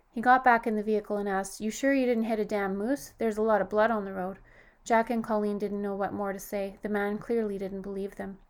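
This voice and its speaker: A woman with a mid-range voice narrates a horror story aloud, keeping it steady and even while raising her voice slightly for the characters' quoted lines.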